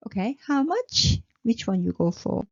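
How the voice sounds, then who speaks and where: A Korean language teacher gives a slow, drilled pronunciation lesson, repeating each syllable three times and praising her learners. Her voice is fairly high, sing-song, unhurried and creaky. The dry recording sounds slightly dull and lo-fi.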